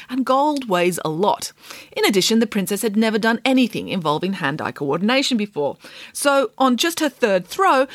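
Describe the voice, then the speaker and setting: A woman reading a comic storybook aloud with lively, theatrical comic timing. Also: mid-range voice, no echo, studio quality.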